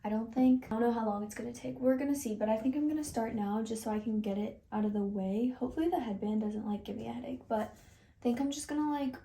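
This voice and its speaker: A woman's voice: a little high, quick pace, vocal fry, warm tone. A young woman chatting casually in a reading vlog, gushing and full of filler words. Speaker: book vlogger. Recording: faint music underneath.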